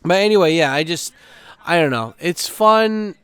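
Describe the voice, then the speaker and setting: A man's voice: a little high, normal speed, clean tone, no room sound. A young man hosting a podcast, chatting casually and swearing a lot, with plenty of fillers as he rambles. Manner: profane, animated storytelling with lots of fillers. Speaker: podcast host.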